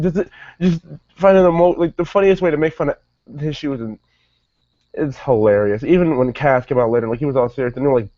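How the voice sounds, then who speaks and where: A man talks through his review in a loose, rambling way, catching and correcting himself as he goes. His voice is mellow and soft-edged. The recording is dull and lo-fi, with a dry, close sound. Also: on the high side, fairly quick, dry recording. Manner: rambling, digressive, self-correcting. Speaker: wrestling show reviewer. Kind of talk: casual spoken review.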